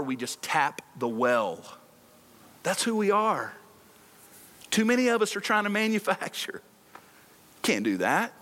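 A man's voice: on the high side, bright, forceful tone. A male pastor preaching a sermon on a microphone in a large church hall, with passionate delivery and lots of rhetorical repetition.

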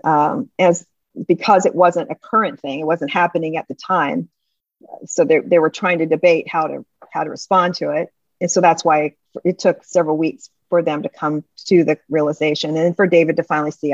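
A woman's voice: low-pitched, steady tone, moderate pace, dry recording. A middle-aged woman, a pastor's wife, telling her personal story in an interview in an earnest way and acting out past conversations. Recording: slightly dull lo-fi sound.

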